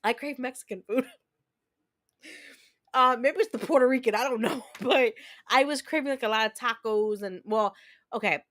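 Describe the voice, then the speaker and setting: Fairly high-pitched and fairly bright, this woman speaks at a moderate pace and pauses often, with no echo. She's a game streamer in her thirties from New Jersey, close to her mic, rambling through chatty stories with many restarts as she plays.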